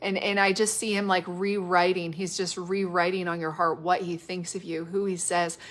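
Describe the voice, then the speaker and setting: A woman giving spontaneous prophetic ministry on a live stream, speaking gently and haltingly, repeating her phrases and filling pauses with "like" and "you know". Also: lowish voice, level tone. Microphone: live-stream device mic.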